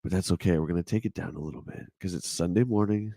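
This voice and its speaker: A middle-aged man with a nasal voice, hosting a casual morning livestream chat in a relaxed, chatty way. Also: low voice, quick pace, no echo, clean studio sound. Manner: relaxed, chatty, laughs easily. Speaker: livestream host.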